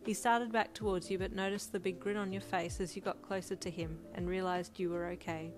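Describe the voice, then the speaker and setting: A woman narrates a second-person fanfic in a soft, even storytelling voice, pitched a little low. Music plays clearly behind her. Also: brisk. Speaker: audiobook narrator.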